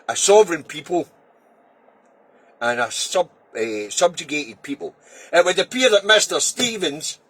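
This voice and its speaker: A man's voice: sits high, pushed and bright, slightly rough, no room sound. A middle-aged Scottish man ranting in a sweary, blunt and heated political monologue. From Scotland. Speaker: political video commentator.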